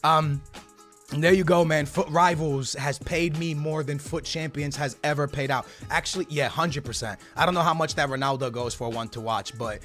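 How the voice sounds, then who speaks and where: A young man opening game card packs, excitable and stammering, his voice shaky with excitement as he keeps calling out to his viewers. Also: on the high side, moderate pace, soft background music. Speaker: gaming YouTuber. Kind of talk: excited pack-opening commentary.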